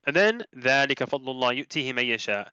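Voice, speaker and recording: Animated, quick-talking man lecturing on scripture. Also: mid-range voice, clear, resonant tone, no room sound. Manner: animated, quickly switching between recited Arabic and English explanation. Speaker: Islamic teacher presenting on Quran structure. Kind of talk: lecture with recited Arabic verses. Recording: dry, dull lo-fi recording.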